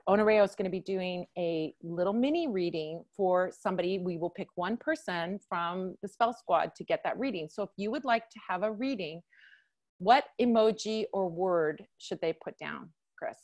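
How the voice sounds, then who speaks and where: A woman's voice: lowish voice, normal speed, a little mellow. A woman hosting a live video call chat, bubbly, laughing often and talking in bursts. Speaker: host.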